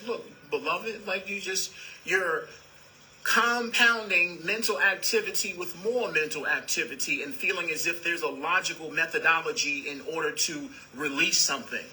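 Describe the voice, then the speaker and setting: A man gives a spiritual talk in a very bright, sharp-edged voice pitched a bit high, moving at a moderate pace. Calm and repetitive, he addresses his listeners as "beloved." The audio is poor, with a faint hiss or hum.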